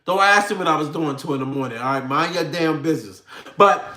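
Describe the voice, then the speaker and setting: A man's voice: fairly high pitch, fairly quick, background noise. A man ranting to his viewers in a profane, slangy way, speaking straight at them as an online commentator. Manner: animated, profane, slangy, addresses viewers directly. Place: home room with a computer. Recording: roomy echo.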